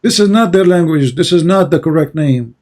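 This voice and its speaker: A man whose first language is Arabic argues his point in a heated debate, insistent and lecturing, repeating words as he pushes on. His voice sits fairly high for a man, with a dark, mellow tone. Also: lively intonation, a little fast. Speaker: debate host.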